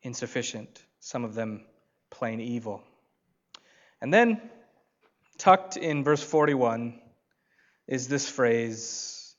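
A man, a pastor, preaching a sermon in an emphatic manner, drawing out key words with long pauses. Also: mid-range voice, animated, dull audio.

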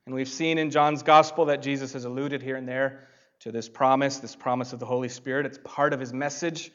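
A man preaching a sermon, reading scripture and rising to loud emphasis on key phrases. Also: mid-range voice, steady tone, brisk. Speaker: pastor. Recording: dull lo-fi sound.

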